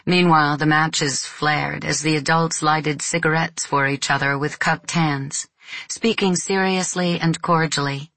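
A woman reading a novel aloud as an audiobook narrator, in a measured, even storytelling manner. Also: low voice, no echo.

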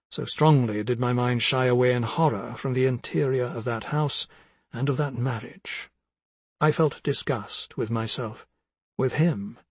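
A man narrating a literary audiobook in a measured, reflective way. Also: mid-range voice, husky, dry recording.

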